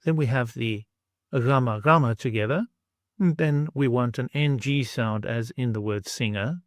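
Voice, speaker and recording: A man teaching pronunciation, saying each example word slowly and then repeating it, exaggerating the sounds for clarity. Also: medium pitch, dry recording, clean studio sound. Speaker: language teacher. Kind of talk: slow, deliberate pronunciation lesson.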